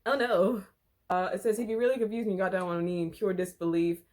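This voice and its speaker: Young woman kinda low voice, laughing and cussing while reading fanfic out loud. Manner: laughs a lot, swears, halting reading. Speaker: vlogger reading fan fiction. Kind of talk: casual chat and reading aloud.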